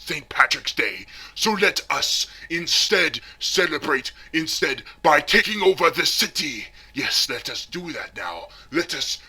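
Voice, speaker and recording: A man playing a pompous, self-pitying heavyset villain who vlogs, talking theatrically and swinging between hushed whispers and shouts. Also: a little high, slightly rough, exaggerated voice. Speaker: comic villain vlogger. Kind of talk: parody character vlog.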